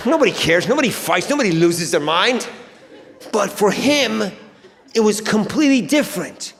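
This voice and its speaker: A man from Iran performing a stand-up comedy routine with loud, animated storytelling on stage before a live audience. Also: sits high, unhurried, pauses often. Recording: reverberant live venue with crowd noise.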